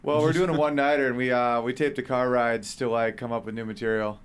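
A man's voice: medium pitch, steady tone, fast, smooth. A man who does stand-up, joking and telling stories in a casual podcast chat, acting out quotes. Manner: jokey storyteller, acts out quotes. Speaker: stand-up comedian co-host.

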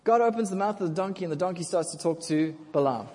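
A male pastor with a fairly high voice tells a scripture story in a loose, joking way, breaking off to ask the congregation to answer. His voice carries a long reverb from a church hall. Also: lively intonation, fast, mellow. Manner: casual, jokey storytelling, asks congregation for responses. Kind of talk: sermon.

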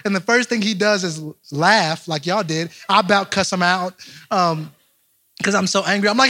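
A young man, a pastor, preaching a lively storytelling sermon straight to his congregation. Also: high-pitched, moderate pace. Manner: animated, speaks straight to the congregation.

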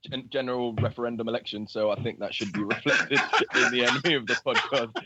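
A man's voice: mid-range voice, steady tone, fast talker, highs cut off, very noisy. A man talking in a casual podcast, hesitant and stumbling over his words. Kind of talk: casual chat.

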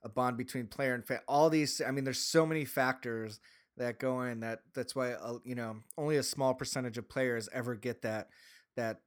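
A man's voice: medium pitch, fairly even intonation, moderate pace, clear, resonant tone. A man from Green Bay co-hosting a podcast, ranting about sports in a casual, rambling way, full of restarts, and rising into heated outbursts. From Green Bay, Wisconsin. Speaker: podcast co-host. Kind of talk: casual sports talk rant.

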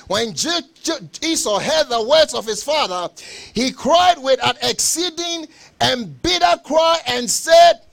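A man preaching a sermon with emphatic delivery, repeating phrases and bursting into shouts. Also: very high voice, expressive, measured pace, gravelly.

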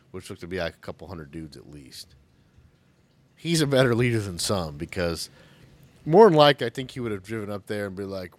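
A man co-hosting a podcast, chatting casually about a movie, joking and acting out quotes in raised voices. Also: fairly low pitch. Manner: animated, jokey, acts out quotes in raised voices. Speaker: podcast co-host.

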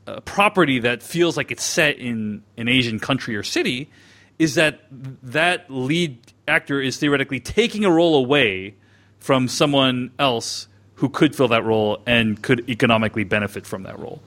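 A man's voice: mid-range voice, moderate pace, fairly bright tone. A man co-hosting a podcast, talking things through in a thoughtful, hesitant way with many restarts. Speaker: podcast co-host. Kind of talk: casual discussion.

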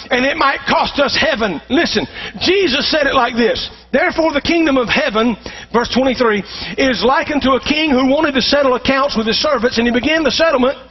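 A man preaching a sermon as pastor, calling on the congregation to answer back and building up to shouted passages. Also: very high voice, muffled recording. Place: church sanctuary.

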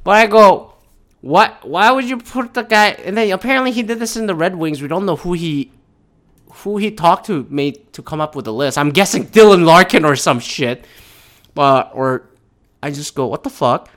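Speaking at normal speed in a fairly high voice, a young man hosts a podcast with loose, rambling commentary. He is profane and fills his talk with lively quoted asides.

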